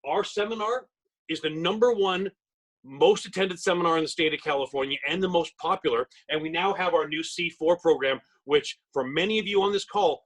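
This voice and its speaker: Fast-talking husky man pitching a webinar. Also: fairly bright tone, poor audio. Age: middle-aged. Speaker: real estate trainer. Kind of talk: webinar presentation.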